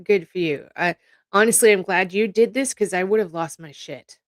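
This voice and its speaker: A woman's voice: medium pitch, normal speed, no echo, studio quality. A middle-aged woman hosting a casual chat, blunt and exasperated, swearing freely. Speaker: psychic channel host.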